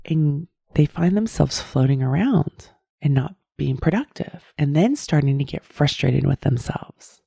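Gravelly-voiced woman hosting a podcast. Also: sits low, animated, a little slow, no room sound, clean studio sound. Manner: warm direct address, calls listener "my friend". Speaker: podcast host. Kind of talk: reflective solo podcast talk.

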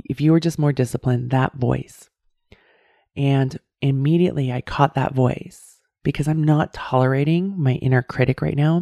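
A woman's voice: deep voice, creaky, no room sound, studio quality. A woman hosting a solo podcast who talks straight to the listener in a reflective way and often calls them "my friend". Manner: warm direct address, calls listener "my friend". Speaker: podcast host.

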